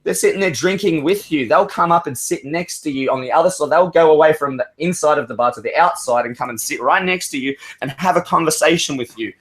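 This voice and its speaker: A man's voice: fairly high pitch, quick pace, hardly any pauses, fairly bright tone. Rambling, swearing man. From Australia. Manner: rambling, profane storytelling. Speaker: caller. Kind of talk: casual open-mic chat.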